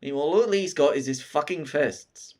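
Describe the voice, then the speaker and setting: A man recapping a favourite film in casual, profane, excited storytelling. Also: a little high, moderate pace. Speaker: film reviewer.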